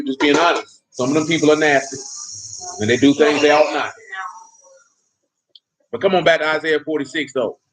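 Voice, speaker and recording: A man's voice: a little high, fairly bright tone, poor audio. A man preaching a sermon in a loose, conversational way, with speech patterns, often asking his listeners questions.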